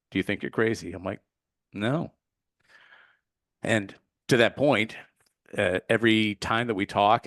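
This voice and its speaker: A man with a fairly low voice tells an earnest, reflective story as a podcast guest. He often searches for the right word as he goes. The sound is dry and close, with no room in it. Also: a bit bright, dry recording. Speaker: meditation teacher, podcast guest. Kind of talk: casual interview storytelling.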